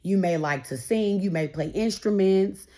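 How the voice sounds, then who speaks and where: A tarot reader gives a casual reading directly to her viewers in a mellow, mid-range voice at normal speed. She's encouraging, repeats phrases for emphasis, and is becoming emotional.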